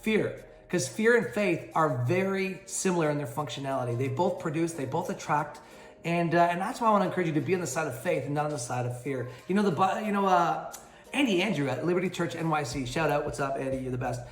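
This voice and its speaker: A man giving a midweek devotional as pastor, energetic and punchy, with rhyming catchphrases. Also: fairly high pitch, fast talker. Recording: roomy sound with faint music underneath.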